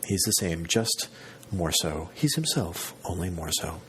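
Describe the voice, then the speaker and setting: A man's voice: low-pitched, lively intonation, unhurried, fairly bright tone, slight background noise. A man voicing a grown son who brushes off worries about his father with a tease. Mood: teasing. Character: grown son, dismissive and teasing.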